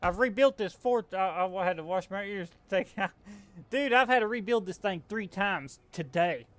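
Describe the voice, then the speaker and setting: A young host with a Southern US accent gives casual survival game commentary at normal speed in a high-pitched, expressive, fairly bright voice. Frustrated, he rambles and keeps correcting himself.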